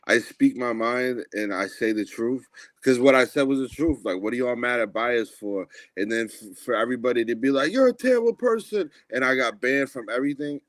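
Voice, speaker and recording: A man's voice: medium pitch, a bit bright, dry recording. Man, co-host, blunt opinions, ranting sports chat, dry close mic. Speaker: podcast co-host.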